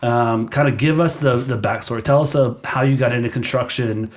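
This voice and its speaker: A man's voice: medium pitch, brisk. A man hosting a podcast, welcoming and questioning his guest in a friendly, chatty way. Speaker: podcast host. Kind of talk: casual interview.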